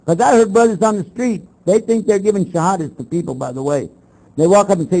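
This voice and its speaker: High-voiced older preacher, blunt. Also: male voice, fairly quick, gravelly, breathy edge, poor audio. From Texas. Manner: animated storytelling, acts out both sides of the exchanges; blunt, challenging, rhetorical questions. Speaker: Muslim preacher. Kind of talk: lecture to an audience.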